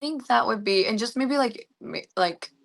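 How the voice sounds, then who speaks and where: A woman's voice: a little high, lively intonation, moderate pace, gravelly. A young woman from the United States, an actress chatting casually in an interview over a video call. She rambles, with a lot of fillers. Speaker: actress, guest.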